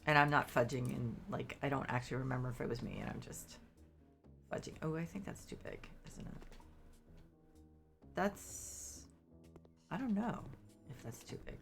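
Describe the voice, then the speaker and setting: A woman's voice: extremely low pitch, lively intonation, moderate pace, creaky, long pauses, soft background music. A middle-aged woman who sounds congested and sniffly, chatting with her stream viewers in a rambling, apologetic way full of fillers. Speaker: game streamer. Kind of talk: casual chat with stream viewers while playing.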